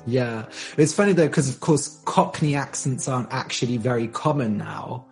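A man's voice: medium pitch, normal speed, faint music behind. An Englishman from Bath with a West Country accent, chatting casually and explaining things with lots of examples and laughs. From England (Bath, Somerset). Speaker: conversation partner, English speaker. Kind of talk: casual chat.

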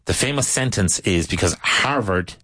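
A man with an Irish accent explaining patiently in casual talk, pausing to search for words, as a teacher. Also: low-pitched, animated, pushed and bright, no echo.

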